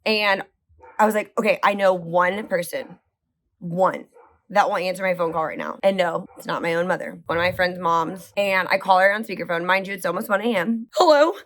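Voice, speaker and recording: A woman vlogger telling a story to camera in a casual, rambling way, full of "like" fillers and swings in pace. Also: fairly low pitch. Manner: animated, rambling, heavy use of "like"; speeds up and slows down often.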